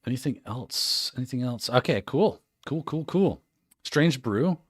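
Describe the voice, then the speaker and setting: A man hosts a livestream in relaxed chat, reading out viewer comments and joking along. His pitch moves lively up and down. The sound is dry and close. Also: measured pace, breathy edge, no room sound. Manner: reads out viewer comments, jokey, laughs often. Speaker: livestream host.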